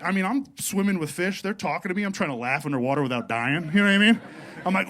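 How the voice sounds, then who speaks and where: Male comic with a lightly raised pitch, working a club room, animated and profane; some low background noise. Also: fast. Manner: energetic, swearing, animated delivery with acted-out quotes. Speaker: stand-up comedian. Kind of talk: stand-up storytelling. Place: comedy club stage.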